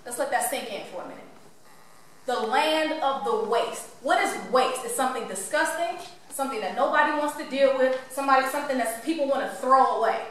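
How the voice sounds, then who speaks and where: High, bright woman speaking to a crowd. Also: fairly quick, slight background noise. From Cleveland, Ohio. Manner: animated, playful, engages the audience with questions. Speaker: motivational speaker. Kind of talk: storytelling talk to a live audience. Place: room with an audience. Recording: echoey room from far off.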